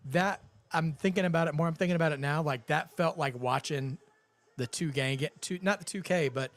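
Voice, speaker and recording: A man's voice: on the high side, brisk. Chatty man co-hosting a watch-along. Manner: chatty, rambling with fillers. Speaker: co-host of a wrestling watch-along. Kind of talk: casual chat.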